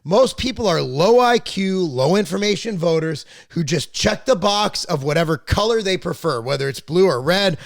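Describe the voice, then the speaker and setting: A man's voice: high-pitched, animated, moderate pace, gravelly, hardly any pauses, dry recording, clean studio sound. A man hosting a podcast, talking bluntly and at length about politics, restarting his sentences and swearing now and then. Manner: opinionated, rambling, blunt with profanity; frequent restarts and repeated words. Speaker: podcast host. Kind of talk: casual political chat.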